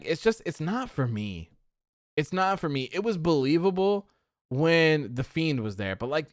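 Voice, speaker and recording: Young man, casual livestream host, frustrated, rambling, smooth voice, dry sound. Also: medium pitch, no echo. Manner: frustrated, rambling, reads chat comments aloud. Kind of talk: casual wrestling post-show chat.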